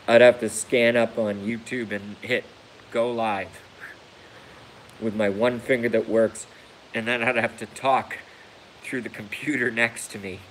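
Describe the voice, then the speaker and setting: A man's voice: medium pitch, steady tone, a little slow, a bit bright, slight background noise, low-quality recording. A man hosting a rambling live stream, crude and self-mocking, laughing at his own jokes while hurt and unable to laugh without pain. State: injured, hurts when he laughs. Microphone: phone.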